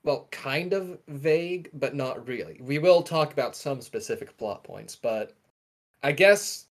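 A man's voice: mid-range voice, expressive, unhurried. A young man co-hosting a podcast in casual chat, enthusiastic and often correcting himself mid-sentence. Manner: rambling, self-correcting, enthusiastic. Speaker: podcast co-host.

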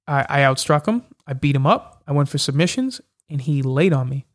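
Animated fighter telling fight stories. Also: male voice, a little high, a little fast. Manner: animated, acts out quoted exchanges. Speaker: MMA fighter guest. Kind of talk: casual storytelling interview.

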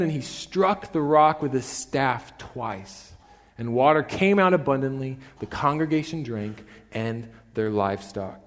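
A male pastor preaching a sermon in a church, telling stories with animated emphasis. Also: medium pitch, measured pace. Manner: animated storytelling, rising to emphatic peaks. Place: church sanctuary. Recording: long reverb in a church hall.

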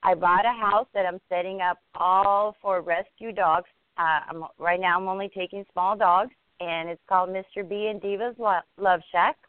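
A woman's voice: mid-range voice, fairly even intonation, moderate pace, clean tone, no room sound. An earnest, upbeat woman guest talks from home in a mid-range voice, stopping and restarting now and then. Her voice is dry and close but squeezed through a narrow, phone-like line. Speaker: podcast guest. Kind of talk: casual interview.

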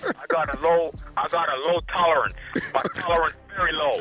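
A man with a Jamaican accent, the target of a prank phone call, who argues heatedly in rapid patois. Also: a little high, music in the background. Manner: fiery, rapid patois threats.

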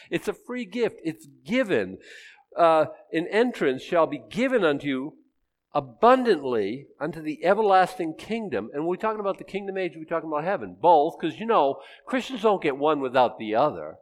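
A pastor in his sixties, his voice a little high with big pitch swings, speaks at normal speed. His sermon is conversational and chatty: he asks the congregation questions and pokes fun at himself.

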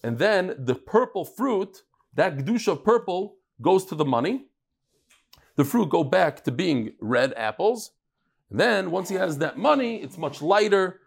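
Animated New man teaching Talmud. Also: on the high side, creaky. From Brooklyn, New York. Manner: animated, emphatic, quick asides and questions to the class. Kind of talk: daily Talmud lecture to a live class.

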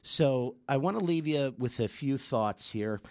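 A man hosting a radio talk show, speaking haltingly with fillers and restarts as he thanks his guest and the audience. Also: medium pitch, lively intonation, darkish tone, dry recording, studio quality. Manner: halting, with many fillers and restarts, then telling a story.

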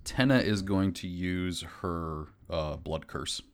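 A man's voice: deep voice, takes it slowly. A man playing a tabletop game, describing his character's moves and explaining rules in an easygoing way. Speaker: player. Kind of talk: casual tabletop game play.

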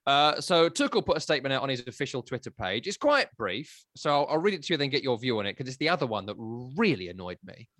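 Man, football podcast host, wry banter, lively pitch, bright dry sound. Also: quick pace, few pauses, dry recording. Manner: animated, wry, swings between loud and quiet. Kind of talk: casual chat.

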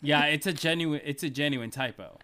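A woman's voice: deep voice, fairly quick, sharp tone. A woman co-hosting a podcast, teasing her co-hosts with wry comments. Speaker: podcast co-host. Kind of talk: casual podcast chat.

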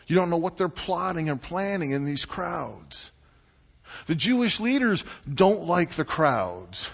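Male preacher, higher voice with lively swings, talks to the church like a friend, lo-fi church recording. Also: breathy edge. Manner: animated, conversational, rhetorical questions to the congregation. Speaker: pastor. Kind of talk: sermon.

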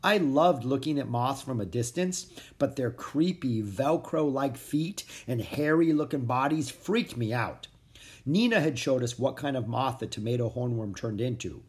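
An expressive narrator reading a children's chapter book aloud. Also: mid-range voice, moderate pace. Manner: expressive, animated storytelling. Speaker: audiobook narrator.

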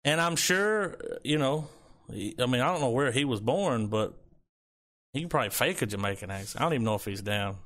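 A man's voice: mid-range voice, fairly quick. A man in a casual, profane chat about music and movies, telling stories with put-on voices. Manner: profane, laid-back, animated storytelling.

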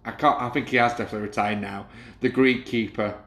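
A man's voice: medium pitch, fairly even intonation, fast, fairly bright tone. A man telling football stories in a casual chat, rambling with many restarts. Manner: rambling storyteller, hesitant restarts. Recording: roomy echo.

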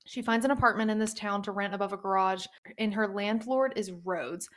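A young woman talks through her book picks in a relaxed, chatty way, her voice at an ordinary middle pitch. She gets animated as she retells scenes and drops into the characters' voices for a line or two. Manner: chatty, animated, acts out characters' lines in quick asides. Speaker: book reviewer. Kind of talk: casual book recommendation chat.

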